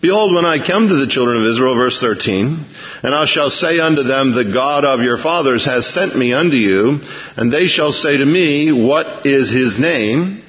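A pastor with a medium-pitched, expressive voice preaches verse by verse at a moderate pace, retelling scripture in a folksy, chuckling way. It comes through as a lo-fi radio broadcast with long reverb.

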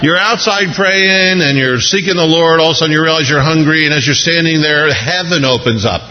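A man's voice: a little high, fairly quick, few pauses, long reverb tail, a little hiss or hum. A man preaching a sermon in a folksy, humorous way, acting out scenes with little voices, heard on a muffled radio broadcast. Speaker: pastor.

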